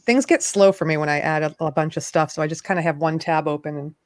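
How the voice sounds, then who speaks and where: A woman chatting on a live stream in a low, easy voice. She talks loosely, trails off mid-thought and laughs often. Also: steady tone, quick pace, no room sound, clean studio sound. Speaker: livestream host. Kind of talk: casual chat.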